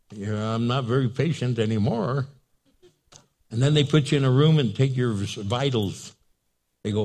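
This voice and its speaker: A man preaching a sermon as pastor, acting out quick dialogues and reading scripture aloud. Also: mid-range voice. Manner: animated, acts out little dialogues for laughs.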